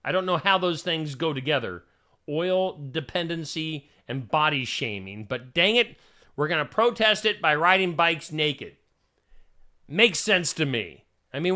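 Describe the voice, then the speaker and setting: A male radio host reads the morning news in a casual, chatty way. His voice is bright and forward, and it rises and falls a lot as he drops joking asides between stories. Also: a little high.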